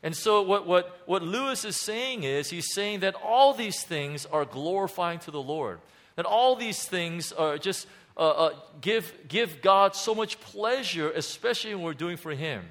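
A man preaching to his congregation, pitched a little high for a man. He speaks in an animated, halting way, stumbling over restarts and fillers as he builds his points. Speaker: pastor. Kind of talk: sermon.

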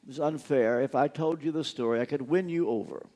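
A man's voice: medium pitch, fairly quick, dark tone. A man preaching a sermon, telling a personal story earnestly and stressing key words through repetition. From United States.

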